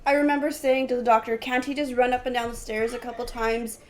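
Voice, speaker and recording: A woman's voice: on the high side, flat delivery, quick pace, darkish tone, slight background noise. A woman chiming in on a shared story in casual, emphatic chat.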